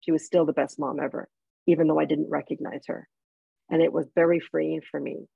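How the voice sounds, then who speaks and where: A woman with a husky, slightly gravelly voice tells personal stories in an interview, heartfelt and halting at times. The sound is dry and a little dull, as on a lo-fi recording. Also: low voice, flat delivery, dry recording. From Jamaica. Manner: heartfelt storytelling with restarts. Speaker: author and guest. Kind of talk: interview conversation.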